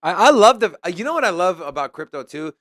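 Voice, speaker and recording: A man's voice: high-pitched, sing-song, fast, a bit bright, no echo, clean studio sound. A man co-hosting a casual crypto news show, reading articles aloud and commenting on them. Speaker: co-host.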